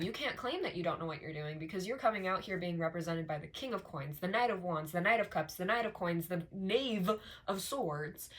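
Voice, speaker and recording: A woman's voice: lowish voice, expressive, a little fast, few pauses, fairly bright tone. A woman giving a casual tarot reading to her viewers, talking emphatically with lots of repetition, fillers and profanity. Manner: conversational with many fillers like "like" and "right". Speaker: tarot reader.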